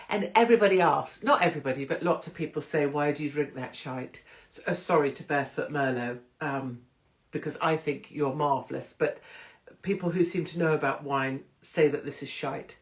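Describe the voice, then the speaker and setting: A woman's voice: low voice, moderate pace. A woman from England with a British accent, hosting her own live stream from home in a chatty, irreverent, oversharing way. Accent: British English. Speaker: host of a live-streamed show. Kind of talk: casual live-stream chat. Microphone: phone or computer live stream.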